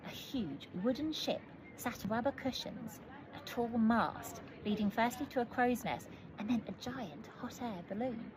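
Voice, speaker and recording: A woman author reading her children's book aloud in a gentle, measured storytelling manner. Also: on the high side, lively intonation, noisy background.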